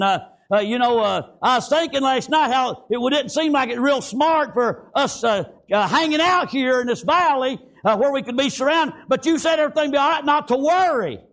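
A male preacher with a notably high voice delivers a fiery sermon. He climbs to shouted peaks, then falls back to low, hushed asides. Amens punctuate nearly every turn.

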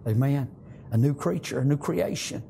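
A man's voice: mid-range voice, moderate pace, creaky, mellow, slight background noise. An older man preaching a fervent sermon, repeating praise God and amen in folksy phrasing.

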